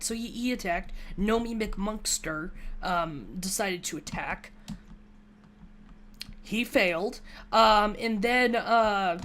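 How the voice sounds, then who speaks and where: A woman's voice: mid-range voice, takes it slowly, fairly bright tone, slight background noise. Chatty woman rambling over gameplay. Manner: rambling, chatty storytelling with self-mocking asides. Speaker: gaming YouTuber. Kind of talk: casual gameplay commentary, recounting a tabletop session.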